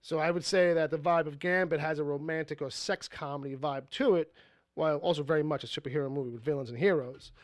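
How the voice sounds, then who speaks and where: A man's voice: a little high, steady tone, fast talker, dry recording, clean studio sound. A man co-hosting a podcast, rambling casually about movie news, with frequent swearing and laughter. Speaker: podcast co-host.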